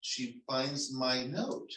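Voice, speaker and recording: A man who is a pastor, telling a personal story to his congregation in a conversational, halting way with restarts. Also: medium pitch, animated, fairly bright tone. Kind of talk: storytelling sermon. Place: church sanctuary. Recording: echoey church hall, mic at a distance.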